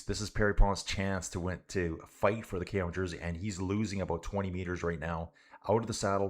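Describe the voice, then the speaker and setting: Deep-voiced laid-back Canadian man. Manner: laid-back, says "dude" a lot, chats with viewers. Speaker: cycling livestream commentator. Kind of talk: casual live race commentary and chat.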